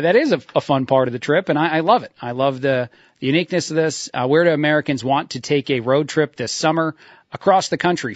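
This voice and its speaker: A man's voice: on the high side, no echo, highs cut off. A man hosting a talk radio show, mocking the news with frequent chuckles and filler words. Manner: sardonic, laughs at his own remarks, many uh fillers. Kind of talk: solo talk radio commentary.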